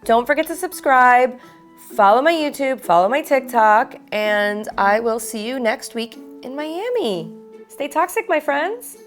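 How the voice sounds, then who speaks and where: A woman's voice: a little high, lively intonation, a little slow, faint music behind. A woman hosting a parody reality-show vlog, griping about her neighbors in a sarcastic, mock-diva way. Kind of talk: casual confessional chat.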